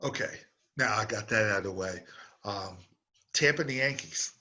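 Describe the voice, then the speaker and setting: A man's voice: fairly low pitch, normal speed, pushed and bright, dull audio. A man hosting a sports radio show, delivering an opinionated, emphatic monologue that repeats words to stress a point.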